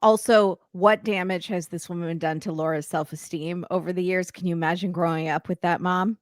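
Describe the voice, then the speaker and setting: A woman's voice: lowish voice, steady tone, fairly quick, dry recording. A woman who is a guest on a podcast, talking in a chatty way about a reality show. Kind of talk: casual chat.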